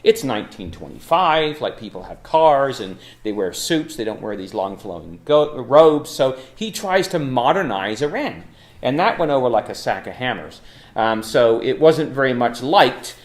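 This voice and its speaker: Casual, chatty man lecturing in an echoey room. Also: fairly high pitch. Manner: casual, chatty, frequent ums and uhs. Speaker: Bible talk speaker. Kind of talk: informal lecture on history.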